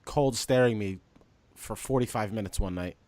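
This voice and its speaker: A man's voice: on the low side, moderate pace, darkish tone, dry recording. A man, a comedian, trading club stories in casual, swearing podcast chat. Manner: swearing, exasperated storytelling with mocking quotes. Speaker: stand-up comedian, podcast co-host.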